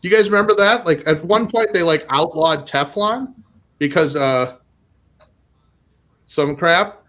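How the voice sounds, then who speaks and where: A man's voice: on the high side, unhurried, fairly bright tone. A man in his forties from Minnesota doing a stand-up set, rambling and self-deprecating, laughing at his own lines between fillers. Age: 40s. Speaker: stand-up comedian.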